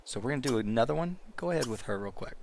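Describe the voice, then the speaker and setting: A man's voice: mid-range voice, lively intonation, racing, creaky, background noise. A man giving casual let's play commentary, chatty and talking directly to his game characters.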